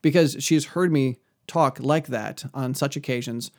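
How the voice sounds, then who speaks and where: Male speaker, mid-range pitch with a raspy fry, earnest scripture-quoting talk on Christian parenting. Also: a little slow. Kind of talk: earnest religious teaching talk.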